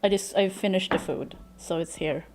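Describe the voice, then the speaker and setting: A woman streamer chatting casually at her home desk into a desk microphone, excitable, gushing thanks, laughing and swearing. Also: lowish voice, normal speed. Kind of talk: casual live-stream chat.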